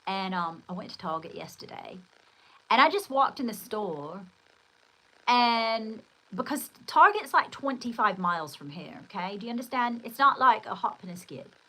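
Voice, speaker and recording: A woman's voice: medium pitch, expressive, moderate pace, sharp tone, low-quality recording. An older woman hosts a casual livestream. She rambles from one story to the next in an exclamatory way and stops to read viewer comments aloud. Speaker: livestream host.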